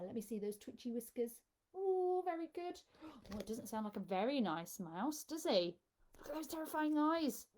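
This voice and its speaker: At a live storytime, a woman who entertains children reads from a picture book in a high voice at normal speed. She's expressive and invites the kids to chime in.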